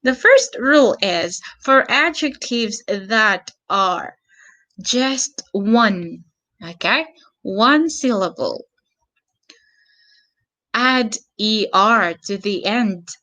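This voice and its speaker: A woman gives an online English grammar lesson at a very slow, patient pace, repeating key words and spelling out endings letter by letter. Her voice is bright and clear. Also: medium pitch, expressive. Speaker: English teacher.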